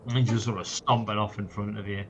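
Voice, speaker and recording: A man's voice: on the low side, flat delivery, quick pace, a little hiss or hum. A man narrating a tabletop game as game master, casual and peppered with swearing and fillers, on a dull lo-fi mic.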